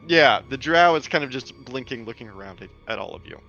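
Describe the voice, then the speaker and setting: A man with a bright, forceful voice narrates a tabletop game as game master, piling on loose descriptive detail. He comes through a dull, lo-fi voice call with faint music underneath. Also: medium pitch, animated, fast.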